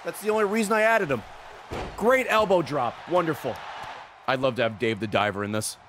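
Male streamer, high voice, hyped, swearing play-by-play, background noise. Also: fairly quick. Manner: excitable, swearing play-by-play with bursts of laughter. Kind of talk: live-stream gameplay commentary.

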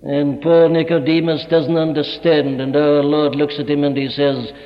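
Emphatic preacher in an echoing hall. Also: male voice, a little high, little pitch movement, moderate pace. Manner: emphatic, rhetorical repetition. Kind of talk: sermon. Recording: dull echoey hall recording.

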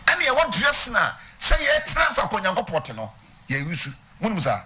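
Lively, bright-voiced Ghanaian preacher man. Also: high-pitched, brisk, slightly rough. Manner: teaching, questioning the congregation. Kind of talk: sermon mixing Twi and English. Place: church.

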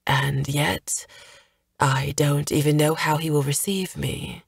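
A woman voicing an earnest, self-doubting young man who speaks haltingly, in a storybook reading. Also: low-pitched, fairly even intonation, gravelly, slightly rough, no echo, studio quality, heavily acted. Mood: troubled. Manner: hesitant, halting.

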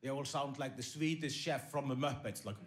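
A male comedian performing stand-up on a theater stage. He talks in a rambling, deadpan way, piling up fillers and false starts as he goes. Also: medium pitch, brisk.

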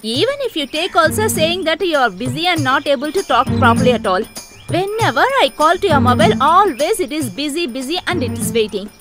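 A woman's voice: high voice, lively intonation, brisk. A woman voicing a clingy young lover in a film dub, pleading and nagging. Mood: complaining. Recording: film dub with loud music underneath.

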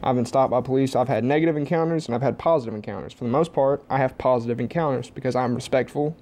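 A man's voice: medium pitch, quick pace, darkish tone. A young man at home giving a blunt, heavily profane opinion monologue to camera. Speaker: vlogger.

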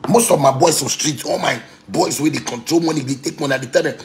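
A man in his thirties with a Ghanaian accent, ranting heatedly on a phone livestream and preaching, swinging between loud outbursts and low murmurs. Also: fast. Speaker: musician live-streaming. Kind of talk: impassioned social media rant.

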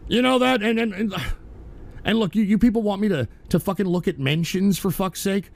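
Gravelly high-voiced man ranting profanely. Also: fairly quick. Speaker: radio show host. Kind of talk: angry live-stream rant.

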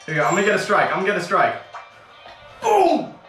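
A woman streaming a game, excitable and swearing often, yelling when she scores. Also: fairly low pitch, very fast. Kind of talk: live game stream commentary. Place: bathroom. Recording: echoey bathroom, distant from mic, faint game music.

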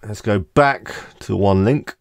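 A man hosting a screen-recorded software tutorial, talking casually and thinking aloud as he clicks through each step. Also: on the low side, takes it slowly, vocal fry, no echo. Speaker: tutorial host.

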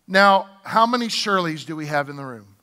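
A man's voice: high-pitched, expressive, moderate pace, sharp tone, long reverb tail. A man preaching a sermon as pastor in a church, speaking to the congregation and asking them to respond. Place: church sanctuary.

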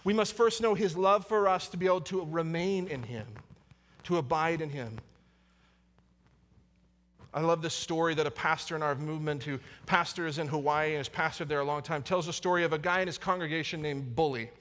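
A man's voice: fairly high pitch, a little fast, a bit bright. A man, a pastor, preaching a sermon in an earnest way and repeating key lines for emphasis. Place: church sanctuary. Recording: long church hall reverb.

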